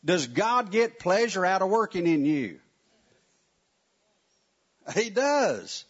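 Pastor preaching in church, voice jumping all over, kinda husky, folksy asides to the crowd. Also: male voice, high voice, very animated, moderate pace. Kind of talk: sermon. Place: church sanctuary. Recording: muffled lo-fi sound.

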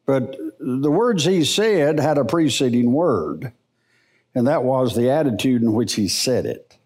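A middle-aged man teaching the Bible in a church service, in a folksy, unhurried preaching manner. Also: medium pitch. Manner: slow, animated, folksy preaching.

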